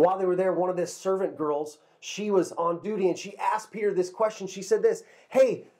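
A man telling a Bible story to children as a kids' pastor, lively and a little halting, often repeating a word before going on. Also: sits high. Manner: lively storyteller, repeats words while talking.

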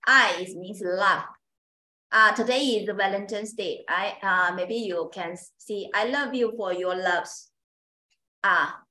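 A woman's voice: medium pitch, slow pace, sharp tone, roomy sound, poor audio. A woman teaching an online Chinese pronunciation class, speaking simple non-native English and patiently repeating sounds for her students.

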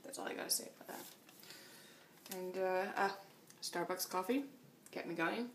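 In a cramped motel room, a woman who cycles long distances chats about her trip for her vlog, tired from a long flight and often laughing. Her fairly low voice moves at a measured pace, recorded from a distance with slight hiss or hum.

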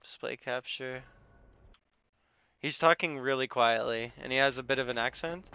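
A young man streaming a video game live, chatting casually and excitedly with viewers and teammates, swearing now and then. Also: mid-range voice, normal speed, vocal fry, clean tone, no room sound, dull audio. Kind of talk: casual live gameplay commentary.

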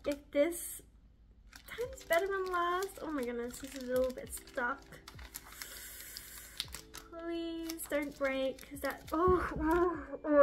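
A young woman vlogging in a chatty, excitable, gushing way as she assembles a baking project. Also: high voice. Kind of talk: casual baking vlog.

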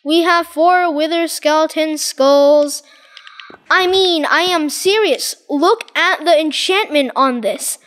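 Excitable high-voiced woman gaming. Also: takes it slowly. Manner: excitable, dramatic, exclaims and repeats herself. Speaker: gaming channel host. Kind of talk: Minecraft gameplay commentary.

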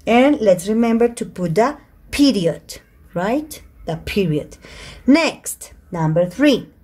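A woman's voice: on the high side, lively intonation, slow, mellow, slightly rough. A woman teaching an online English grammar class in a Spanish accent, her first language being Spanish, reading example sentences aloud and switching into Spanish to explain. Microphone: computer mic in a video call.

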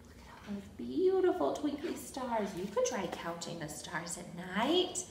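A woman's voice: medium pitch, bright, forceful tone, a little hiss or hum. A woman librarian reading a picture book aloud at a children's storytime, sing-song and gasping with cheerful encouragement. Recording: roomy echo.

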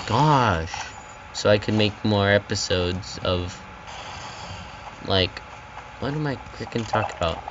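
A man casually commenting as he plays a video game, rambling and repeating words in a panic whenever enemies close in. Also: fairly low pitch. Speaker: gaming channel host. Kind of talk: casual let's-play commentary. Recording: loud game noise behind the voice.

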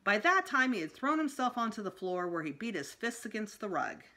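A woman, a school librarian, reading a children's chapter book aloud with expressive storytelling. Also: mid-range voice, a little fast.

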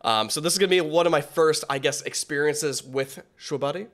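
A man's voice: fairly high pitch, a little fast, fairly bright tone. A young man hosting a casual reaction video, rambling with lots of fillers and restarts as he thinks aloud.

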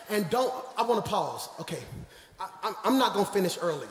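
A man preaching a live sermon as pastor in a large church sanctuary, joking with the congregation and swinging from low asides to shouted, emphatic preaching. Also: very animated, a little fast. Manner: playful, jokes with the congregation. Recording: echoey hall with long reverb.

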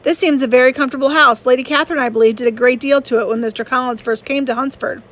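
A woman reading the part of a proud, reserved young gentleman in an audiobook, terse and formal. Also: high-pitched, fairly even intonation, quick pace.

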